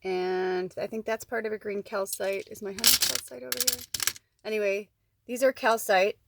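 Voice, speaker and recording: A woman's voice: mid-range voice, steady tone, moderate pace, vocal fry, background noise. A woman giving a casual spiritual card reading at home. She rambles in a chatty way, full of asides and "like". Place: at home indoors.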